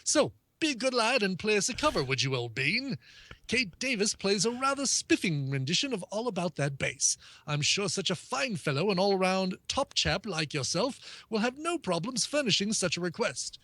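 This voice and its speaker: A man reading a letter aloud as a pompous upper-class English gentleman, in a put-on posh English accent, full of theatrical old-fashioned slang. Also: sits high, very animated, moderate pace, no room sound, voice pushed up, full character voice.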